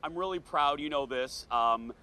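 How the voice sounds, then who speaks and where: Bright-voiced southern man hosting. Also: fairly high pitch. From American South. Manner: emotional, earnest, talks slowly. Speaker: TV show host. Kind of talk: morning TV chat. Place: outdoor state fair set.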